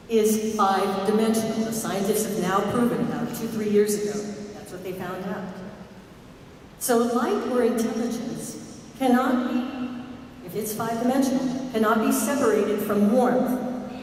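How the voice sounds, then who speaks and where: A woman with a fairly high voice gives a spiritual talk to a live audience, questioning the room and drawing out key words. She sounds far from the mic in a very echoey hall with a long tail, over a faint hiss. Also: darkish tone. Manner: asks the audience questions, slows down for emphasis. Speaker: spiritual speaker.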